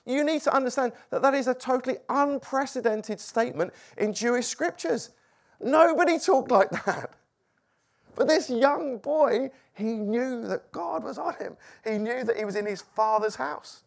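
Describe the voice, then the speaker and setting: A man preaching a sermon, moving between loud exclamations and hushed, quiet lines. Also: very high voice, normal speed, gravelly.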